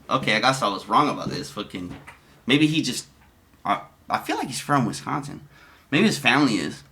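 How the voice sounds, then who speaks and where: A man's voice: medium pitch, very animated, brisk, sharp tone. A man giving casual commentary, rambling and profane, often cutting himself off. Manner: profane, rambling, self-interrupting.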